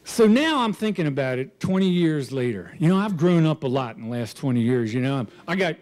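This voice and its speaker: An older man in his sixties tells a funny personal story to a live crowd. His voice sits fairly high for a man and swoops up and down with real animation. He pokes fun at himself and chuckles as he goes. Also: fairly quick. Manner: animated, self-mocking, chuckling. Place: stage at a storytelling show.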